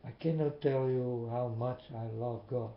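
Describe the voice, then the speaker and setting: Man talking very slowly and earnestly straight to camera, muffled echoey recording. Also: mid-range voice, fairly even intonation. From Netherlands. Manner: slow, repetitive, earnest questioning. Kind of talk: slow earnest monologue to viewers. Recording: muffled, echoey room with faint hiss.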